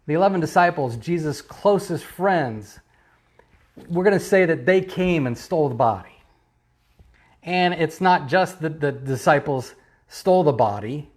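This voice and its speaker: A man's voice: a little high, lively intonation, normal speed. A man, a pastor, preaching an online sermon with emphatic repetition and rhetorical questions. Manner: emphatic, repeating key phrases, rhetorical questions. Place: church, streamed online.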